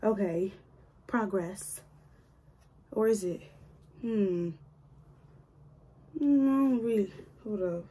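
A woman's voice: mid-range voice, slow pace, pauses often, dark tone, husky. A woman chatting casually to her viewers while doing her own hair, joking and grumbling to herself as she goes. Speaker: hair vlogger.

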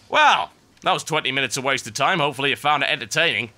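Bright, sarcastic male game commentator. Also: medium pitch, lively intonation, quick pace. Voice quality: sarcastic, rambling. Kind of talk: let's play commentary. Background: game music.

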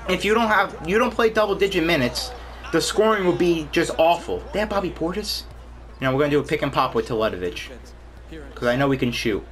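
Young male gamer, high and bright voice, excitable, complains out loud at the game. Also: a little hiss or hum. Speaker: gaming YouTuber. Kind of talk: gameplay commentary.

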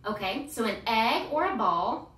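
Chanting verb forms in a happy sing-song, a homeschool teacher and channel host in her thirties leads a child through grammar. Her voice sits on the high side and is animated, a bit bright, and measured in pace. The recording has a roomy echo, and she sounds far from the mic.

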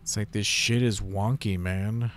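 Lowish-voiced grumbling gamer guy. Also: fairly even intonation, unhurried, a little hiss or hum. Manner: frustrated, grumbling, swears freely. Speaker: gaming streamer. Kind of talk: casual gameplay commentary.

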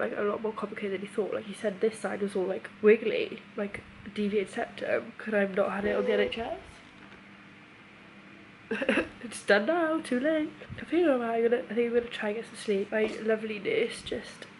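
A woman's voice: medium pitch, fairly even intonation, brisk. A young woman vlogging chattily from a hospital room while recovering from nose surgery, filmed on a phone. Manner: chatty, emotional, laughs often. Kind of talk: casual vlog to camera. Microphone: phone camera. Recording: noisy phone recording.

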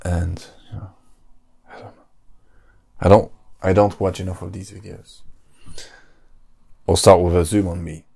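Slow, gravelly-voiced man. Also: low-pitched, level tone, darkish tone. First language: French. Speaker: podcast host. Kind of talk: casual solo podcast musing.

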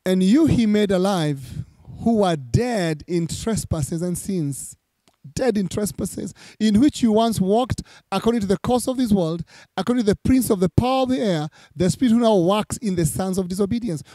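A man's voice: high-pitched, expressive, moderate pace, warm tone, no room sound. A man preaching a sermon, reading scripture aloud and repeating key phrases for emphasis. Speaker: pastor.

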